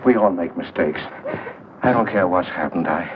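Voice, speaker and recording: A man's voice: low voice, moderate pace, close to an everyday voice. An actor playing a meek, lovesick older man who pleads and stammers, in 1940s film acting. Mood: pleading. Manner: hesitant, stammering. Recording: tinny noisy 1940s film soundtrack.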